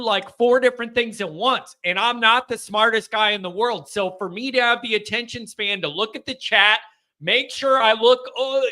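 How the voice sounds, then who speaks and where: A man hosting a casual live call-in fan show, talking in an animated way and often laughing. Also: extremely high pitch. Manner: animated, laughing, mocking chat comments in a shouted voice. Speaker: host of a fan call-in livestream.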